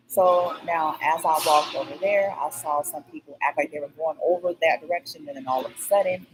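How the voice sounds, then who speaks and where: A woman's voice: sits low, a little hiss or hum, low-quality recording. A woman vlogger telling a rambling personal story, keeps checking in with "okay?" and skipping details with "blah, blah".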